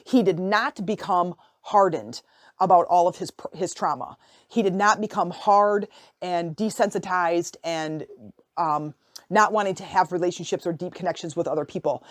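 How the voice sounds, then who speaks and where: A woman hosting a podcast, telling a personal story in a lively, expressive, conversational way, with sudden excited rises in her voice. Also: on the low side, moderate pace, no room sound, studio quality. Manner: conversational with fillers and restarts. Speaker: podcast host and life coach.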